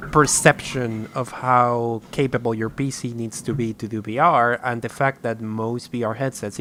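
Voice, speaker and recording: A man on a podcast explaining a point in a measured, steady way. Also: medium pitch, a little hiss or hum. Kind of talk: casual podcast chat.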